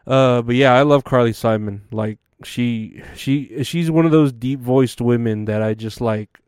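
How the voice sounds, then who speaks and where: A man's voice: medium pitch, measured pace, a little mellow, smooth, no room sound, clean studio sound. A man hosting a comedic news monologue, rambling and crude with plenty of fillers and restarts. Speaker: comedy show host.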